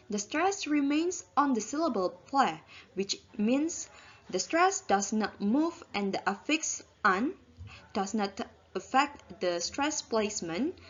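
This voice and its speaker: A woman's voice: on the high side, highs cut off, a little hiss or hum. A young woman with an Indonesian accent, reading a class presentation carefully and spelling out word parts. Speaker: student presenter.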